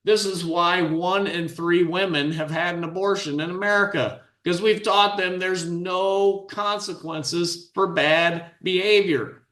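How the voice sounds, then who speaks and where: A man's voice: high-pitched, fairly even intonation, measured pace, few pauses, fairly bright tone, roomy sound. A middle-aged man, a podcast host, giving blunt, scornful commentary on a clip.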